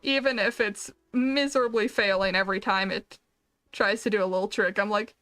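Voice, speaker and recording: A woman's voice: medium pitch, steady tone, moderate pace, fairly bright tone, soft background music. A woman streamer chatting casually while gaming, rambling and making self-deprecating jokes.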